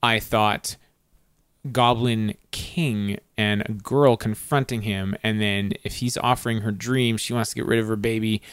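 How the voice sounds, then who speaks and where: A man's voice: on the low side, fairly even intonation, unhurried, clean tone, no echo. A man co-hosting a casual podcast, rambling and laughing as he tells stories. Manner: rambling, laughs often, trails off. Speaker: podcast co-host. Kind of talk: casual chat.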